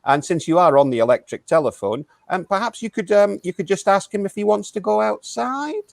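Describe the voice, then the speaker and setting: A man's voice: high-pitched, expressive, fairly quick, creaky, darkish tone, dry recording, clean studio sound. A man playing a hesitant, stammering phone-in radio host in an improvised comedy show. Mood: awkward.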